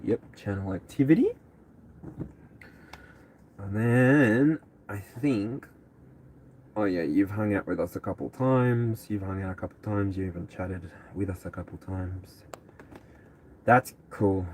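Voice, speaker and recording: A man's voice: lowish voice, a little slow, darkish tone, a little hiss or hum. A man hosting a live tarot reading stream, chatting casually with viewers, rambling and laughing often. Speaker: tarot reader.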